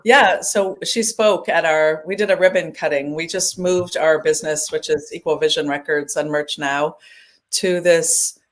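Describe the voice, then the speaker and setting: A woman's voice: low voice, fairly even intonation, normal speed. Chatty, laughing woman in her fifties. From upstate New York. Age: 50s. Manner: chatty, laughing, with frequent restarts. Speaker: guest musician. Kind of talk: casual chat.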